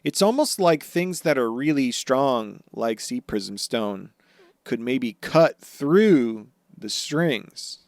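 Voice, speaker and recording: A man of middle pitch chats through an anime recap and swears freely. He slips into quick silly character voices as he goes. The recording is dry and close. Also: lively intonation, no room sound. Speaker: podcast co-host. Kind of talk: casual chat recapping anime episodes.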